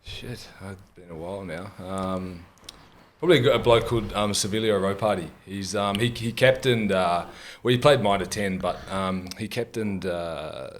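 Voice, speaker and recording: A man's voice: low-pitched, moderate pace, a little hiss or hum. A young man, a rugby guest telling rambling stories in casual podcast chat, laughing and swearing freely.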